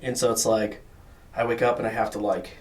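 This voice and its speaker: A man's voice: lowish voice, flat delivery, brisk, a little mellow. A young man guesting on a podcast, chatting energetically in slang and saying "dude" and "like" constantly. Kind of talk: casual chat. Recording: voice distant from the mic.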